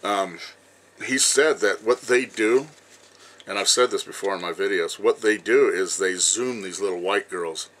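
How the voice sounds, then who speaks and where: A man's voice: low voice, unhurried, a bit bright, rough recording. Blunt, rambling man in his fifties. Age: 50s. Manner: blunt, rambling, peppered with "you know", swears freely. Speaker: vlogger. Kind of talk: rambling personal storytelling to camera.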